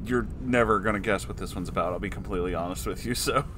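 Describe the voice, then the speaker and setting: A man's voice: fairly low pitch, quick pace, noisy background. A young man reading a silly fan story aloud, mock-serious and cracking up with disbelief. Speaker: story reader.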